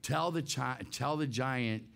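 A man in his sixties, a guest voice actor, telling an anecdote in a casual, animated way, laughing often and acting out scenes. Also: medium pitch, slow pace, gravelly.

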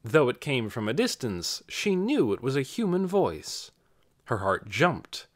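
A male audiobook narrator reads with a lively, rising and falling voice. His storytelling is expressive and scripted. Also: mid-range voice, a little slow.

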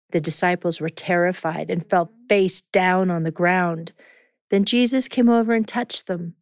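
A woman host in a recording studio reads scripture at a measured pace and introduces the show. Her voice is smooth and resonant, and the studio sound is dry and close. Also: fairly low pitch, fairly even intonation, no room sound. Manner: measured, clear reading voice. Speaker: podcast host. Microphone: studio microphone.

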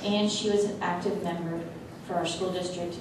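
A woman giving a halting tribute speech at a school board meeting, with many fillers. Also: on the low side, fairly even intonation. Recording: echoey hall, mic from far off, noisy.

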